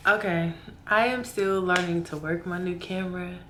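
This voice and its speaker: A woman in her late twenties talks straight into her camera in a personal vlog, earnest and close to tears. Her voice is bright and forward, with a faint hiss of room noise under it. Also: fairly low pitch, steady tone, moderate pace. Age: 20s. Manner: emotional, speaking through tears; heartfelt and earnest. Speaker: vlogger.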